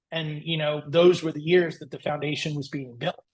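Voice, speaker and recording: A man in his forties, a podcast guest, telling his career story in a lively, anecdotal way and acting out the voices he quotes. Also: on the high side, moderate pace, poor audio. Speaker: guest entrepreneur.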